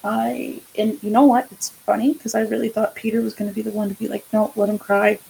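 A woman's voice: a little high, little pitch movement, fast talker, gravelly, mellow, a little hiss or hum, rough recording. A woman co-hosting a casual podcast chat, speaking candidly and swearing freely as she tells stories and acts out quotes. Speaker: podcast co-host.

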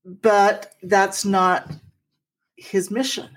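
A woman speaks slowly and thoughtfully, her voice mid-pitched. She reflects on prayer with gentle, halting starts. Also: level tone. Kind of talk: reflective faith talk.

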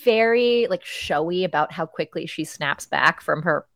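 A woman's voice: lowish voice, lively intonation, moderate pace, creaky, a bit bright, dry recording, clean studio sound. A woman co-hosting a podcast in casual, gossipy chat, peppering her talk with fillers. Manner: chatty, gossipy, lots of fillers. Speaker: podcast co-host.

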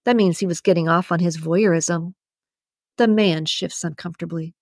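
A woman reading a first-person romance novel aloud in a breathy, intimate narration. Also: lowish voice, moderate pace, a little mellow, no echo, studio quality. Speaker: audiobook narrator.

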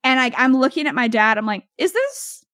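A young woman spinning an animated story on a podcast, laughing as she goes and leaning on fillers. Her voice sits a touch high, recorded close and dry with no room sound. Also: fast, no room sound. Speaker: podcast host. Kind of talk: casual storytelling chat.

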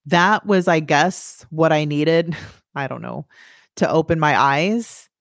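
A woman's voice: deep voice, slow, dry recording, clean studio sound. A young adult woman hosting a podcast, telling a personal story in a candid, blunt way and swearing freely. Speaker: podcast host.

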